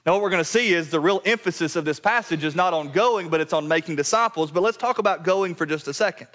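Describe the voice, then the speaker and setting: A man preaching a sermon to his church, earnest and direct, often dropping to a quiet low voice to drive a point home. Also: quick pace. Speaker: pastor. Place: church sanctuary.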